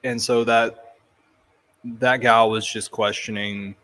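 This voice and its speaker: A man giving casual commentary on video clips, halting and thinking aloud with frequent restarts. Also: mid-range voice, level tone, fairly bright tone. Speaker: crypto commentator.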